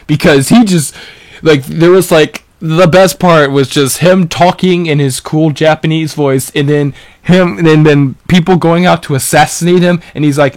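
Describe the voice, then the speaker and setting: A young man in casual chat as a podcast co-host, rambling and animated, restarting sentences as he retells scenes. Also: medium pitch. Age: young adult.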